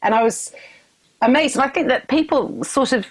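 A woman's voice: high-pitched, normal speed, husky, poor audio. British female comedian, frank casual podcast talk. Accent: British English.

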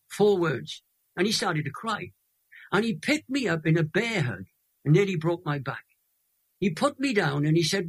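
Husky welsh guy in his 80s, kinda high voice, tells his story with lots of drama. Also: very animated, measured pace. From Wales. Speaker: guest. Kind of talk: emotional testimony storytelling.

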